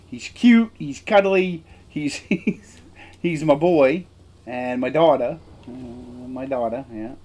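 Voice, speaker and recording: Guy on stream rambling thru a personal story, blunt, emphatic, keeps going "right?", mid-pitched voice. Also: slow, a little mellow. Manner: candid and blunt, occasional swearing. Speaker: game streamer.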